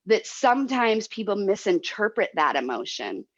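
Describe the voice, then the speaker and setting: A woman's voice: medium pitch, big pitch swings, moderate pace, highs cut off. A woman guest speaking in a heartfelt, emotional way, often repeating herself as she explains. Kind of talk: heartfelt motivational talk.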